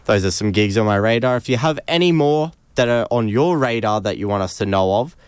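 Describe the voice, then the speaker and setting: A man hosting community radio, casually reading out a local gig guide at an unhurried pace. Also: fairly low pitch, clean tone, no echo. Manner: relaxed, unhurried listing of dates. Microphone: studio microphone.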